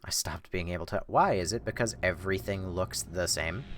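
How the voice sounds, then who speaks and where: A man streaming a video game, joking with chat and talking to himself, with sudden loud outbursts. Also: deep voice, fairly even intonation, a little fast, slight background noise. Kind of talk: live gameplay commentary.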